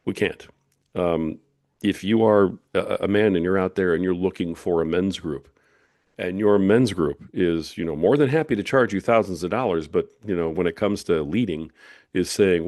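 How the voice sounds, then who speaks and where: A middle-aged man with a very low, deep voice hosts a solo podcast. He preaches in emphatic, punchy declarations. The sound is dry and close to the mic. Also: moderate pace, a little mellow, dry recording. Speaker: podcast host.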